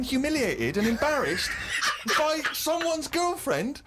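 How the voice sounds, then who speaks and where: Lively man telling a funny story. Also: a little high, fairly quick, noisy background. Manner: animated storytelling, acts out other people's lines, laughs at himself. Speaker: co-host of a comedy podcast. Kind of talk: self-mocking comic anecdote.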